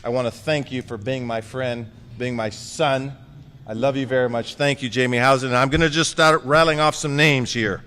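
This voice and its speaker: A man's voice: medium pitch, fairly even intonation, moderate pace, sharp tone, clean tone, big-room sound. A man giving a concession speech as outgoing mayor. He jokes and thanks people by name with affection.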